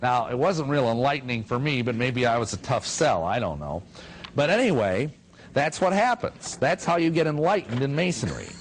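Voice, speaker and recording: Animated man lecturing an audience. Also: mid-range voice, moderate pace, slight background noise, low-quality recording. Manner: animated, jokey, acts out quotes. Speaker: speaker giving a talk.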